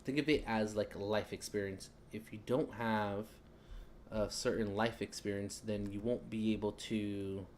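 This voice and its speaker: A man's voice: lowish voice, steady tone, unhurried, darkish tone, slight background noise. A man giving a casual live-stream lesson on credit, chatting loosely and talking while he fumbles with his screen.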